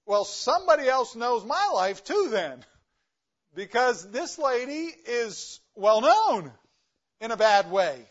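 A man's voice: very high-pitched, big pitch swings, slow, highs cut off. A man, a guest missionary preacher, giving an emphatic sermon full of rhetorical questions. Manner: emphatic, rhetorical questions, varies loudness for stress. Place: church.

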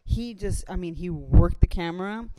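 A young woman, chatting in a relaxed, fond way. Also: lowish voice, moderate pace. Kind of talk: casual chat.

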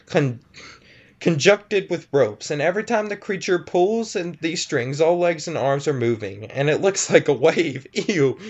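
Giggly reader with a lively voice. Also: medium pitch, lo-fi sound. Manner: giggly, stumbles over words. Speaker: reader of scary stories. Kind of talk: casual reading aloud with friends.

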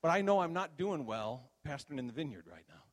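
A middle-aged man giving an animated testimony sermon as a pastor, acting out the voices in his story. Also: fairly high pitch, fairly quick. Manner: animated storytelling, acts out quotes. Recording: long hall reverb.

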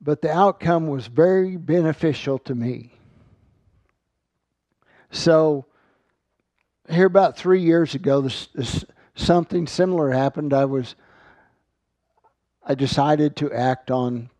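A man's voice: on the high side, slow, pauses often, dark tone, dry recording. A man giving an earnest sermon, reading scripture aloud and often repeating words as he finds his thought. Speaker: Bible teacher.

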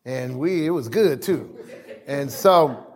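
A man's voice: mid-range voice, animated, slow. A man preaching a sermon as pastor, repeating phrases and calling on the congregation to answer back.

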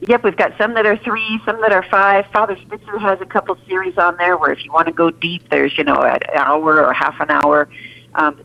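A woman's voice: on the low side, steady tone, a little fast, creaky. A woman guest speaking earnestly and emphatically on a call-in radio interview. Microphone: phone. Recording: muffled phone line.

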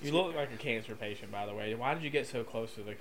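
A man co-hosting a casual podcast, teasing his friend in a deadpan way. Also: medium pitch, quick pace, crowd noise. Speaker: podcast co-host.

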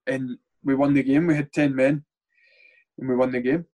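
A man's voice: medium pitch, fairly even intonation, moderate pace, warm tone. A Scottish man, a former footballer, talking bluntly in a casual podcast chat, rambling and swearing freely. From Scotland.

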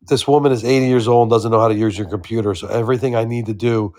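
A man's voice: mid-range voice, fairly even intonation, racing, darkish tone. A man co-hosting a podcast by phone from his couch, dry and profane in casual banter. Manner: dry, profane, talks over his partner. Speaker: podcast co-host. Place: on a couch at home. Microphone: phone on his chest.

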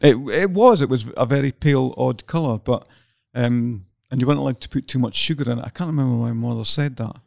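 A man's voice: mid-range voice, quick pace, vocal fry, few pauses, darkish tone, dry recording, studio quality. A man with a Dundee accent, hosting a podcast and chatting in a teasing, emphatic way. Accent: Dundee Scottish. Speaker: podcast host. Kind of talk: casual chat.

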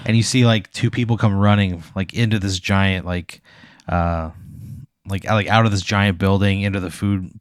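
A man's voice: deep voice, fairly even intonation, moderate pace, clean tone, no echo, clean studio sound. Casual, profane man narrating a game. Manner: casual, profane, vivid storytelling. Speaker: game master.

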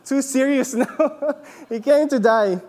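A man's voice: very high-pitched, takes it slowly, a little mellow, long reverb tail. Chatty man preaching a sermon. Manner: chatty, laughs often, checks in with "okay?". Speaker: church leader preaching. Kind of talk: casual sermon with jokes. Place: church hall.

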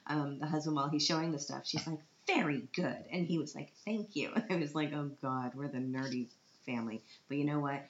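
A woman's voice: deep voice, reverberant, dull audio. A woman from Canada telling a casual vlog story in a chatty, self-mocking way, laughing often. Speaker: vlogger, autism group organiser.

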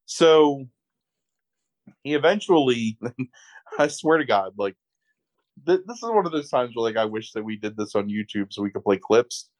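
A man casually recapping a movie plot on a podcast, swearing freely and telling it with lively energy. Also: medium pitch, normal speed, long pauses, no echo, poor audio. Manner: profane, animated retelling with acted quotes. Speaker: podcast co-host.

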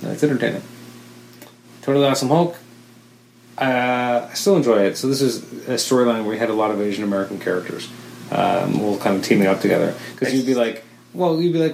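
A man's voice: medium pitch, fairly quick, creaky, a little mellow, a little hiss or hum. A man co-hosting a casual chat, rambling and correcting himself with enthusiasm. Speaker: podcast co-host. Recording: roomy echo with faint ambience.

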